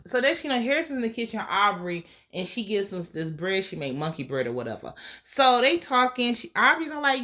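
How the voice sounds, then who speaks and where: A woman's voice: mid-range voice, lively intonation, fairly quick, pushed and bright. A woman recapping a TV episode in a sassy, profane, casual way, acting out the characters' lines as she goes. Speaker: TV show reviewer.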